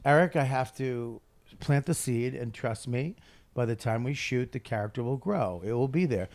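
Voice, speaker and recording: A man voicing a calm, soft-spoken male actor who talks in a hushed, soothing way. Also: medium pitch, moderate pace, lightly acted. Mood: serene.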